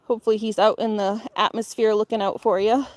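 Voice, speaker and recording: A woman's voice: little pitch movement, brisk. A woman chatting casually on a live stream outdoors in a farm garden, reading chat and talking to her dog. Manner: chatty, talks to her dog in a high baby voice.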